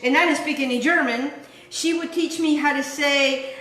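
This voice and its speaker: Chatty high-voiced woman cooking host. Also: fairly even intonation, fairly quick, bright, forceful tone, reverberant, faint music behind, low-quality recording. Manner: chatty and rambling, repeats words. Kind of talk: casual cooking demonstration. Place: kitchen.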